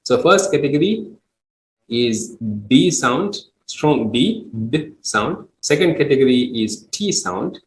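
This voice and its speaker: Slow, patient male English teacher. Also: mid-range voice, expressive, slight background noise. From Sri Lanka. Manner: slow, patient explaining with repeated examples. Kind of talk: classroom grammar lesson. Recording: echoey room.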